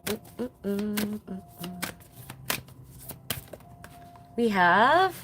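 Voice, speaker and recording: A woman's voice: medium pitch, expressive, drawn-out words, long pauses, slight background noise. A woman giving a casual live-stream card reading, chatting with viewers in an affectionate way. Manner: chatty and affectionate, chats with viewers and calls them baby. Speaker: tarot card reader.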